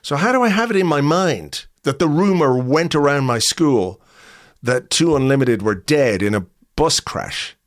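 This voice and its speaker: A man's voice: fairly high pitch, expressive, moderate pace. Dry, laid-back middle-aged man. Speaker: podcast host. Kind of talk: casual chat.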